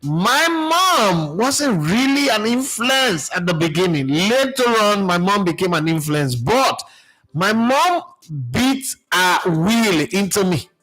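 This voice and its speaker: Nigerian man, sports broadcaster, casual monologue, slightly high voice. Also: slow pace, low-quality recording. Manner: animated, reflective storytelling with pidgin phrases. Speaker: sports radio presenter.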